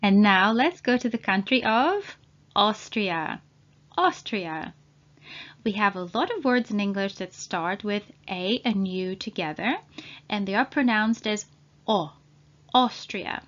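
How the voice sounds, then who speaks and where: A woman language trainer in the middle of her range leads a pronunciation lesson. She talks slowly and deliberately and spells out each vowel sound. The recording is a bit dull and lo-fi. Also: mid-range voice, expressive, fairly bright tone.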